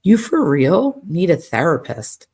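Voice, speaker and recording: A woman's voice: lowish voice, big pitch swings, a little slow, a little mellow, breathy edge, heavily acted. A woman reading aloud the angry text messages of a young woman in a breakup fight, in a lightly raised voice.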